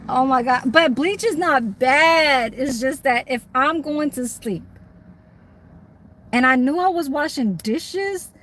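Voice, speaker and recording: A woman's voice: high voice, expressive, takes it slowly, a bit bright, slight background noise, low-quality recording. Rambling woman chatting on a livestream. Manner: rambling, many fillers and restarts, swears casually. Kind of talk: casual livestream chat.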